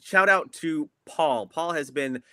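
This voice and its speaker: A man's voice: on the high side, slow, bright, forceful tone, no echo, studio quality. A man guest on a casual livestream, chatty and upbeat, laughing easily. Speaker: guest creator.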